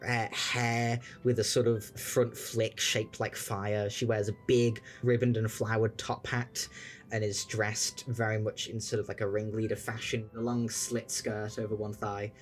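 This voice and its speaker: A man narrating as game master of a tabletop game, relaxed and descriptive. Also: on the low side, a little slow, faint music behind.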